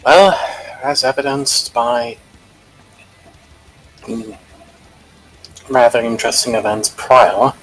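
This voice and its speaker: A man takes part as a player in a tabletop game. He speaks slowly in a measured, somewhat formal way, and soft music plays under his voice. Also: mid-range voice, steady tone, rough recording. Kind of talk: playing a character in a tabletop game.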